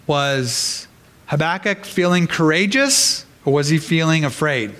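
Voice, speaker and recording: A man's voice: on the high side, expressive, measured pace, a bit bright. A man preaching an earnest sermon as pastor, often restarting words as he explains a scripture passage.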